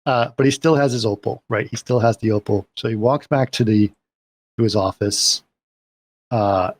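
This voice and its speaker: A man's voice: lowish voice, moderate pace, no room sound. A man on a podcast recapping a film scene by scene in casual chat, rambling along and checking in with "right?".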